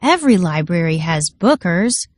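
A woman voicing a tiny, eager, formal magical father in a storybook, breathless and raised in pitch. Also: very animated, moderate pace, no room sound, studio quality.

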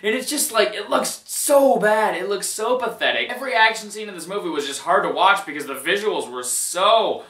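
High, bright-voiced man ranting about a movie. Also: expressive, normal speed, few pauses, reverberant. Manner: exasperated, emphatic, repeats himself, laughs often. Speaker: movie reviewer. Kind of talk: casual movie rant.

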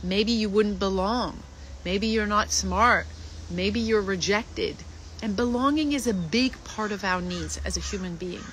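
A woman's voice: mid-range voice, unhurried, fairly bright tone, slight background noise, rough recording. A woman acting coach giving an emphatic teaching talk to actors, listing words in rhythmic runs.

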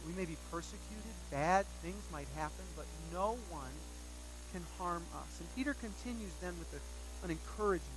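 A man's voice: high voice, animated, normal speed, noisy background. A man pastor preaching a sermon, emphatic and repeating key phrases for weight, telling personal stories with self-deprecating humor.

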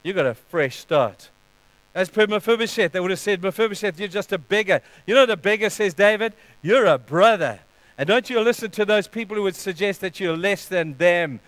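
A man preaches a sermon in a high, resonant voice. He punches key lines with sudden loud emphasis, then falls to a hushed tone. The sound is close and dry, with no room echo. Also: fairly quick, clear, resonant tone. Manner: leads a closing prayer. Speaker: pastor.

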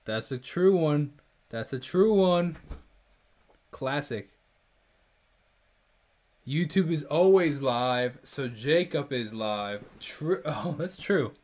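A man's voice: on the high side, animated, slow pace, long pauses, darkish tone. A man hosting a casual livestream, reading viewer jokes aloud and trying not to laugh. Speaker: livestream host.

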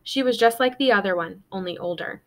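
Brief: forlorn young boy, played by a woman reading, voice pitched up. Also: a little fast, fairly bright tone, lightly acted. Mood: glum.

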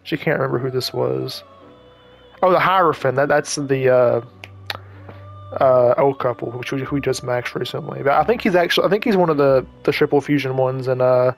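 A man giving casual let's-play commentary, rambling and chatty with frequent self-corrections and quick asides. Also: mid-range voice, gravelly, soft background music. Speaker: gaming YouTuber.

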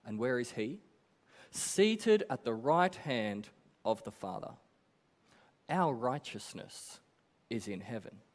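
A male preacher delivers a sermon at an unhurried pace. His pitch rises and falls expressively as he stresses key words. His manner is earnest and emphatic, with dramatic pauses. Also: expressive.

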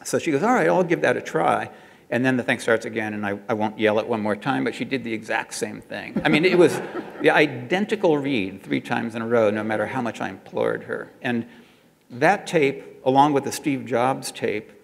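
A man's voice: mid-range voice, normal speed, gravelly, big-room sound. A man telling an anecdote to an audience in a chatty way, with many fillers and restarts. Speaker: speaker recounting advertising work.

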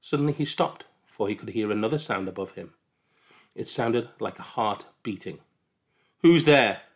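A man calmly narrating a storybook aloud, with measured delivery. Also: fairly low pitch.

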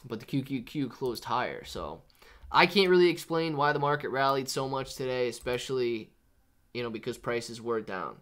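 Young male livestream host, laid-back, slangy, runs through chat shout-outs. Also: medium pitch, animated, moderate pace. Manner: casual, reads chat names and shout-outs, says man and dude a lot. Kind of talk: live market stream chat.

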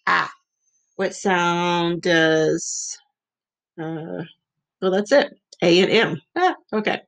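A woman's voice: mid-range voice, creaky, low-quality recording. A woman teaching a remote phonics lesson to young children, patiently sounding out letters again and again.

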